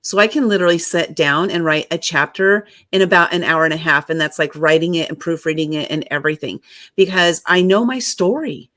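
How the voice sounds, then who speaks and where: A woman's voice: low voice, a little fast, dry recording, studio quality. A woman in her fifties, a guest author, telling stories in an interview over a video call and acting out what people said. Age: 50s. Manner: lively storyteller who acts out quotes. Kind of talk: storytelling interview.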